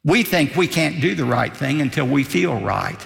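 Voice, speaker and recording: An older man, a pastor, preaching a sermon with emphatic rises and drops in a gravelly voice. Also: fairly high pitch, lively intonation, moderate pace, fairly bright tone, echoey room, in a large hall, soft background music.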